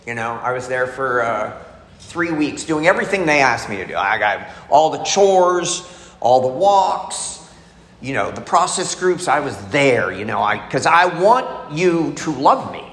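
A man's voice: mid-range voice, very animated, a little slow, a bit bright. A man giving a candid, emotional personal testimony, acting out the voices of people in his story. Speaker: speaker sharing a recovery story. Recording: echoey hall, faint ambience.

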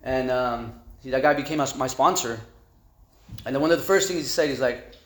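A man giving personal testimony at a recovery meeting, halting and repeating words with conversational fillers. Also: mid-range voice, fairly bright tone. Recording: echoey room.

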